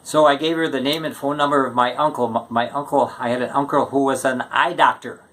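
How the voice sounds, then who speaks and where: A man tells one short joke after another in a relaxed, casual way. His voice sits at an ordinary middle pitch, and he takes his time, leaning on pauses before each punchline. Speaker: joke teller.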